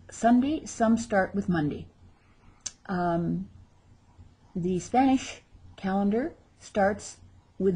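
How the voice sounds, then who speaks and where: A woman's voice: mid-range voice, dark tone, husky. A woman teaching a recorded language lesson, patiently repeating each word for her learners, with a light touch of self-teasing humor. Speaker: Spanish teacher.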